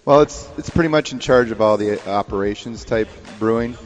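A man's voice: lowish voice, a little fast, big-room sound. A man from Montana, a brewmaster guest, answering radio interview questions in an easygoing way with many fillers.

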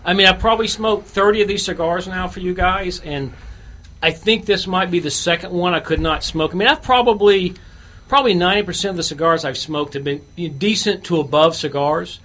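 A man acting out a rambling bayou gator hunter, his put-on drawl pitched high above the usual. Fillers pile up as he wanders through his cigar verdict in a comic radio bit. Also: a little fast, a bit bright. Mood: deadpan rambling. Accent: put-on Southern bayou drawl. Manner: rambling with many "you know" fillers. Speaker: cigar reviewer.

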